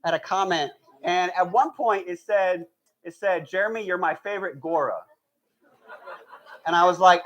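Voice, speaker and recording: A man doing a stand-up comedy set, telling stories in a deadpan way and slipping into mock voices. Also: sits high, moderate pace, pauses often, rough recording. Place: live event hall with audience.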